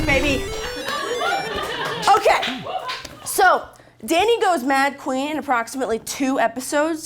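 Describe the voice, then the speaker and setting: A woman delivers a comic rant with brash, profane punchlines. Her voice is high. She lands each beat with punch. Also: a bit bright. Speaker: comedy segment presenter.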